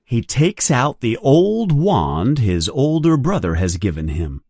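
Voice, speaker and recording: A slow, deliberate storybook narrator whose pitch swoops widely from line to line. The reading is expressive and jumps up for the characters' lines. The sound is dry and close, with no room echo. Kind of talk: read-along storybook narration.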